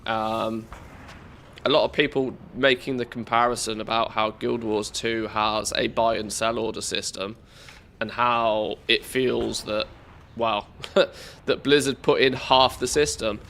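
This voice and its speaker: A man's voice: fairly low pitch, fairly even intonation, a little slow, creaky, fairly bright tone. Congested man with a cold, game streamer, loose rambling live chat, faint background noise. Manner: rambling, many fillers and restarts.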